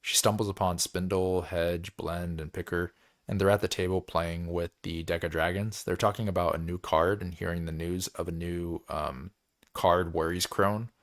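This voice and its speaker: A man's voice: low-pitched, fairly even intonation, moderate pace. A man hosting a book club, recapping chapters in a loose, rambling way, with lots of filler words and frequent laughs.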